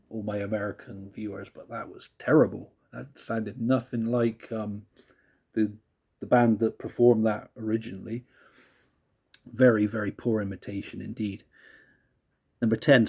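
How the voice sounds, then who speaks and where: A man's voice: medium pitch, creaky, dark tone, husky. A man casually reviewing music tracks, laid-back and rambling, who laughs often and swears casually.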